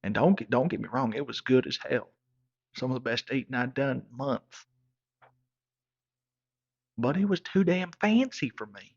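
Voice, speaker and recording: A gravelly, rough-edged man with a drawl rambles through a wild comic story, cussing freely as he goes. His voice sits at an everyday middle pitch, and the recording sounds dull and lo-fi. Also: animated, moderate pace, pauses often. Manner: rowdy, profane, rambling backwoods tall-tale telling. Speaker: comedic storyteller.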